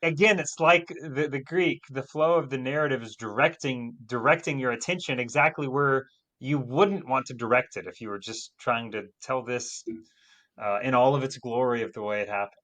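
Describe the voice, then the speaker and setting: A man co-hosting a Bible lesson, explaining in a casual, animated way with emphatic stress. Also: medium pitch, moderate pace. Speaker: Bible teacher co-host. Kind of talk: casual teaching discussion.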